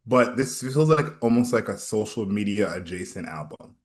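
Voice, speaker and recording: A man's voice: on the low side, lively intonation, moderate pace. A man co-hosting an album review show, talking enthusiastically and repeating words as he builds his points. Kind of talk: casual music review chat.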